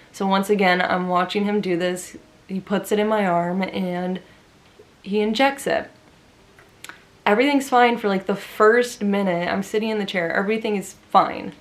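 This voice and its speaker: Woman vlogger, personal story to camera, earnest and emphatic, mid-range voice, chatty fillers. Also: mid-range voice.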